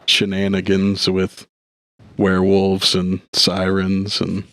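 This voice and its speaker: Slow, hesitant man with a low voice. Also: monotone, a bit bright, no room sound. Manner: hesitant, many fillers. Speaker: podcast guest. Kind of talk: casual chat.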